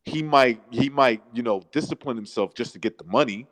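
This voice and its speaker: A man's voice: mid-range voice, a little fast, fairly bright tone, no echo, rough recording. A man co-hosting a boxing podcast, rambling and loose, with slang and swearing. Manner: rambling, says bro and dude, swears. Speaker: podcast co-host. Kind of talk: casual boxing chat.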